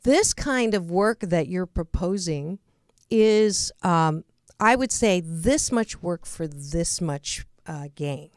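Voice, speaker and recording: A woman's voice: fairly low pitch, animated, slow pace, darkish tone, no room sound, studio quality. A middle-aged woman hosting a radio interview, chatty, laughing at herself and restarting sentences. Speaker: host.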